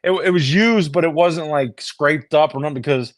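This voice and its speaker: Talking casually to viewers over the phone, this American streamer rambles with heavy swearing, repeated words and frequent restarts. He speaks at normal speed in a voice on the high side, recorded at studio quality with no room sound.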